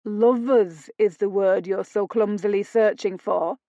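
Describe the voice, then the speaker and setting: A woman's voice: medium pitch, steady tone, unhurried, mellow, dry recording, natural voice. A woman voicing a sneering roguish man. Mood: sardonic. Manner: mocking, drawling sarcasm. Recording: dull dry lo-fi studio read.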